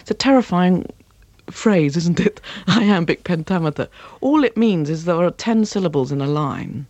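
A woman acting and voice coach, talking passionately as an interview guest and slipping into slow, dramatic readings of verse. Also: on the low side, expressive, darkish tone, no room sound, muffled recording.

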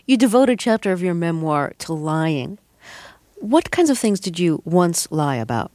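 A woman's voice: lowish voice, very animated, normal speed, a little mellow, no echo. A woman interviewer asking direct questions, with a few small restarts.

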